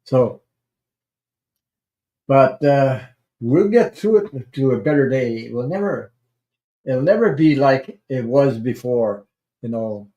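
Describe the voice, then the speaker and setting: A man hosting a tarot livestream, chatting casually and rambling, with halting restarts while he greets viewers. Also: medium pitch, lively intonation, dark tone, highs cut off. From Canada.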